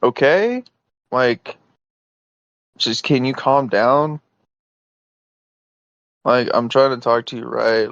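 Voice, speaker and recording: A man's voice: mid-range voice, expressive, slow pace, gravelly, long pauses, fairly bright tone, dry recording. A man on a heated private voice call, talking in an insistent, exasperated way, full of "like" and "you know", on dull lo-fi audio. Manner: insistent, exasperated, filler-heavy.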